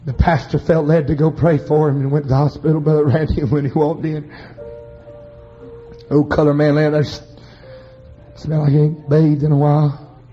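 A man preaching a revival sermon, telling a story and shouting as he builds to high chanting climaxes. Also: little pitch movement, normal speed, long pauses. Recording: muffled recording with faint music.

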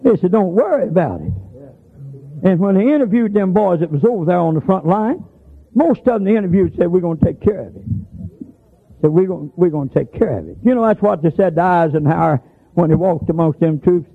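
A man preaching in a gravelly, husky voice, folksy and telling stories, now and then rising to loud emphatic hollers. The sound is thin and tinny, like a phone line. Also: high-pitched, expressive, brisk. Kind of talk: sermon.

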